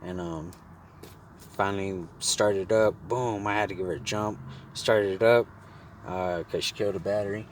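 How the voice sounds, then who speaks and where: A man's voice: fairly low pitch, fairly even intonation, normal speed, slight background noise. A man vlogger casually telling a story in a laid-back, slangy, profane way.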